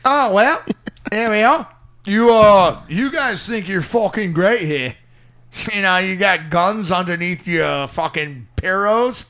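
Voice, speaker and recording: A man doing a mock Australian accent as a brash, swearing male comedian, loud and cocky. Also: high-pitched, slow, voice pushed up, full character voice. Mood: taunting.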